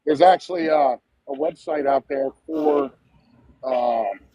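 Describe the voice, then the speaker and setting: Husky guy on a livestream, emphatic, lots of uhs, muffled dry audio. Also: a little high, huge pitch swings, slow pace, mellow, no room sound. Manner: emphatic, full of filler uhs. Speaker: livestream guest. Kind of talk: casual livestream chat.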